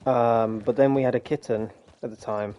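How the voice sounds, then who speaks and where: A man's voice: medium pitch, fairly even intonation, moderate pace, muffled recording. A young man rambling casually over gameplay on a headset mic, chatty, laughing often and swearing. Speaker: game streamer. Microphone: gaming headset.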